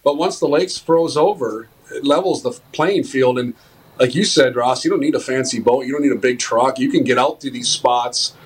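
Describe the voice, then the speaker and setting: A man with a husky, slightly rough voice chats casually about fishing. He speaks in a measured, agreeable, matter-of-fact way at an ordinary middle pitch. He often backs up what his host says. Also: poor audio. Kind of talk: casual chat.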